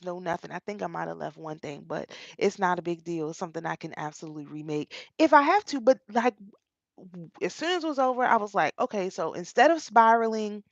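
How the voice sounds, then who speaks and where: A middle-aged woman vlogger telling a personal story in a casual, animated way, often repeating and restarting her phrases. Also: mid-range voice, no echo. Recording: dull, dry lo-fi sound.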